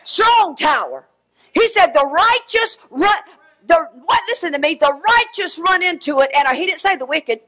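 A middle-aged woman preaching a sermon, swinging between shouted exhortation and quiet asides. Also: very high-pitched, lively intonation, moderate pace.

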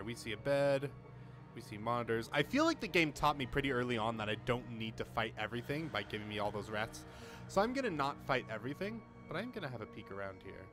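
Young male gamer, lively pitch swings, cursing freely, faint music under the voice; casual play-by-play commentary. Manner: excitable, swings from muttering to yelling, swears a lot.

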